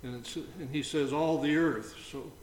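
A man leading an informal Bible study, reading scripture aloud between halting comments. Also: on the high side, steady tone. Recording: roomy echo, faint background noise.

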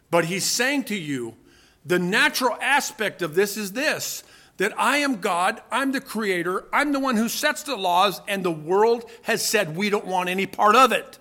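Male preacher, emphatic sermon delivery, rhetorical questions, high bright tone. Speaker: pastor.

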